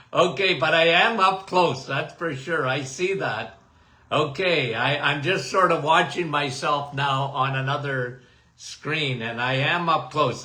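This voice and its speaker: A man's voice: a little high, sharp tone, reverberant. A man hosting a health livestream and podcast, chatting casually and greeting viewers by name.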